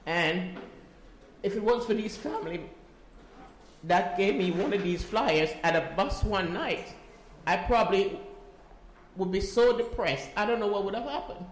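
A middle-aged woman speaks at a community meeting with raw, pleading emotion, circling back to her points again and again. Her voice sits at an ordinary pitch and rings out in an echoey meeting room. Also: measured pace, pauses often, a little hiss or hum. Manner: emotional, pleading, repeats herself. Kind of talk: impassioned personal testimony.

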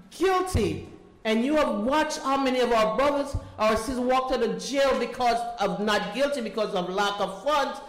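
A middle-aged woman speaks at a community meeting with raw, pleading emotion, circling back to her points again and again. Her voice sits at an ordinary pitch and rings out in an echoey meeting room. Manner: emotional, pleading, repeats herself. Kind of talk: impassioned personal testimony.

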